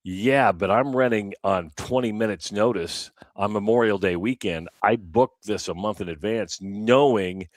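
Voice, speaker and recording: Deep-voiced man telling a radio story. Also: unhurried, few pauses, no echo, clean studio sound. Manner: animated, acts out quoted voices. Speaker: radio co-host. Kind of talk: casual storytelling on morning radio.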